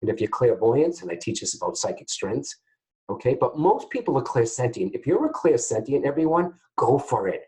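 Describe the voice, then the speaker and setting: Animated man teaching to camera. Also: mid-range voice, brisk, poor audio. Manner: animated, keeps checking in with "guys, okay?". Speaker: psychic medium teaching students.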